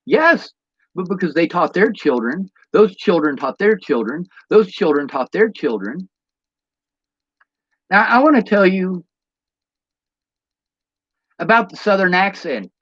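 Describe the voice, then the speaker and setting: A man's voice: high-pitched, big pitch swings, measured pace, pauses often, fairly bright tone, breathy edge, dry recording, highs cut off. A man delivering a blunt, profane rant as a monologue to camera, throwing out rhetorical questions. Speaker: vlogger.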